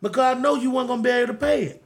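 A man co-hosting a podcast, joking loudly with profane, laughing banter. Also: very high voice, steady tone, rapid-fire, vocal fry. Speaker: podcast co-host. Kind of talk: casual chat.

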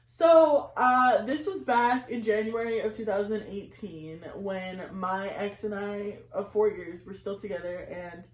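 A young woman co-hosting a podcast, telling stories in casual chat, swearing freely and breaking into loud quoted outbursts. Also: medium pitch, unhurried, hardly any pauses. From California. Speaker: podcast co-host. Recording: echoey room, mic at a distance.

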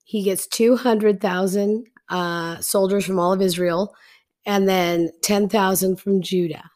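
A woman's voice: medium pitch, steady tone, measured pace, darkish tone. A woman teaching a Bible story in a casual, chatty way, retelling scripture in slangy everyday speech.

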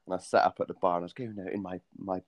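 A young English man in casual chat, telling a travel story with lively acted-out quotes. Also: low voice, racing, dry recording. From Britain.

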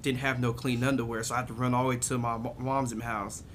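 A man's voice: medium pitch, level tone, fast, fairly bright tone. A young man spins a rowdy story in casual conversation. He keeps laughing and swearing, mimicking the voices of the people he quotes. A faint hum sits under the recording. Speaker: podcast co-host telling a story.

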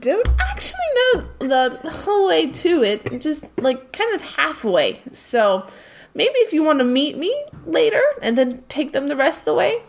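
A woman voicing a nervous, friendly female guide who stammers and rushes her words. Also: high voice, sing-song, vocal fry, voice pushed up, heavily acted. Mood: flustered. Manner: flustered, stammering, quick.

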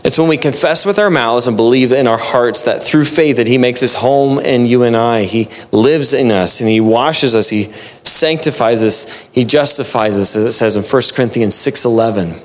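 A man preaching a sermon in a conversational style, jumping into animated quoted voices and mixing quick bursts with slow emphatic phrases. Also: mid-range voice. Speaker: pastor.

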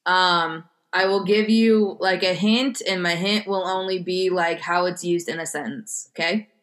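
A woman's voice: on the low side, steady tone, measured pace, fairly bright tone. A young American woman co-hosting a casual chat, laid-back as she quizzes her co-host. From United States. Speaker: podcast co-host.

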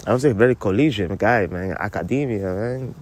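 A man's voice: on the low side, brisk, a little mellow, a little hiss or hum. A man hosting a comedic podcast, talking in a laid-back, rambling way. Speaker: podcast host. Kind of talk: comedic casual chat.

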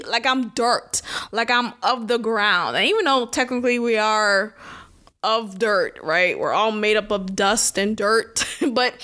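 Young woman, solo podcast host; high, lively, bright voice; indignant and quick to laugh. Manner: animated, indignant, laughs often.

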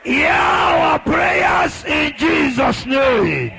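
A husky, strained pastor leads his flock in prayer, his voice high and swinging widely as he shouts out declarations over the hum of a crowd. He drags his words out slowly and forcefully, pressing each line home with a sharp, bright edge. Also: very animated. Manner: exhorting, shouting out prayers to a congregation. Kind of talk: sermon.

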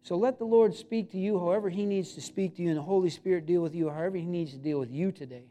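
A man with a notably high voice delivers a sermon from the front of a church. He preaches with emphatic, pleading urgency, pressing his listeners to act. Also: fast, warm tone. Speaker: pastor. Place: church sanctuary.

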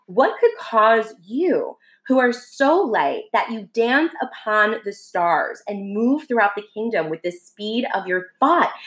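A woman voicing a small, eager, childlike soul who speaks high and breathless with awe. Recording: roomy echo.

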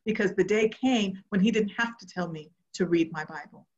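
A middle-aged woman delivers a sermon in an earnest storytelling way, going quiet and hushed at the tender parts. Her voice sits at an ordinary middle pitch. The recording is muffled and slightly lo-fi. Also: normal speed. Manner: earnest, storytelling, drops to soft tones for emotional moments. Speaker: preacher. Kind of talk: sermon with personal testimony. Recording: muffled lo-fi sound.

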